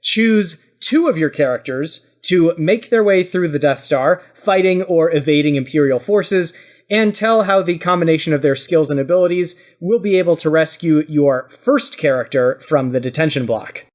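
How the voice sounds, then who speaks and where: A podcast host reading a scenario as narrator in a dry, measured way. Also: mid-range voice, a little mellow. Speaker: podcast host running the game.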